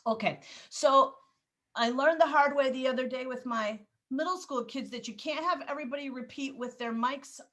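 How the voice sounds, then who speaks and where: A woman teaching a Spanish class over a video call, patient and encouraging, drilling words slowly. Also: high voice, a bit bright.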